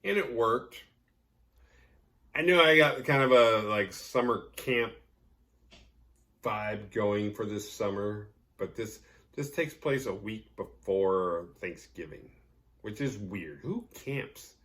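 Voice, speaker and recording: Lively, sarcastic male podcast host. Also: fairly low pitch, takes it slowly. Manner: rambling, sarcastic, profane. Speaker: horror movie podcast host. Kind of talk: casual movie recap with jokes.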